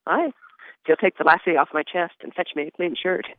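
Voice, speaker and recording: A woman reading aloud and voicing a wounded young Scottish Highlander man who answers shortly and gruffly. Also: expressive, a little fast, no room sound. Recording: tinny phone-like line.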